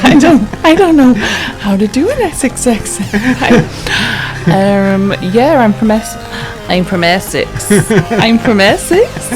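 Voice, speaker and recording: A befuddled male musician , put on by a woman, stammers and giggles as he keeps losing his thread. His voice sits high and he drags every word out slowly, with music playing clearly behind him in a home-made comedy radio sketch. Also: animated, poor audio. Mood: flustered. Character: muddled male musician insisting he's from Essex.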